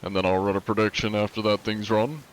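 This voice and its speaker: A male streamer chatting casually while playing, rambling and padding his sentences with filler. His voice sits on the low side, with faint noise underneath. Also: little pitch movement, fast. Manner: rambling, many filler likes. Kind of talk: casual live-stream commentary.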